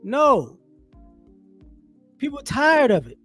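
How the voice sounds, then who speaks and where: A man giving casual monologue commentary as an online commentator, animated and rhetorical, often restarting his sentences. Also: very high-pitched, slow, soft background music.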